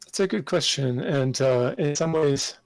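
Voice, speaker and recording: A man answering interview questions in a thoughtful, halting way, with many fillers and restarts. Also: fairly high pitch, dry recording. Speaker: game designer guest.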